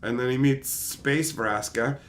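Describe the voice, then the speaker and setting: A man hosting his own channel, casually retelling a comic story in a rambling, profane, animated way. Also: medium pitch, a little slow, slight background noise. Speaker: channel host.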